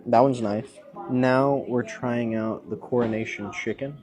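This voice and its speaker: A man from the United States with an American accent, calmly narrating a food-tasting vlog. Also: mid-range voice. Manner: calm, measured tasting commentary.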